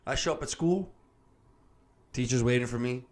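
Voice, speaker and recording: A man hosting a podcast, telling stories in a casual, animated chat, cursing freely and acting out what others said. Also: mid-range voice, normal speed. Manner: animated storyteller, swears freely, acts out quoted voices. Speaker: podcast host. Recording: roomy sound with faint background noise.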